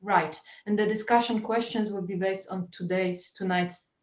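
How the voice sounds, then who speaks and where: A woman's voice: medium pitch, steady tone, normal speed. A woman who helps lead a discussion group, answering questions hesitantly. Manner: hesitant, many uh fillers. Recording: roomy echo.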